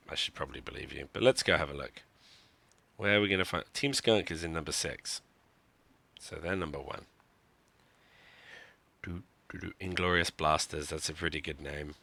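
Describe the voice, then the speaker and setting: A man's voice: low-pitched, vocal fry, pushed and bright. A man giving live commentary on a mobile game he is playing, talking to himself in a wry, joking, self-mocking way. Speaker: gaming streamer.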